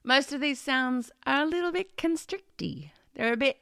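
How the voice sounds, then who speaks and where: Bright, chatty singing teacher. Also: female voice, high-pitched, normal speed, dry recording, clean studio sound. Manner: chatty and playful, sings scale degrees and demos silly twangy voices. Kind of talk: online vocal lesson. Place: home studio with birds and geckos outside.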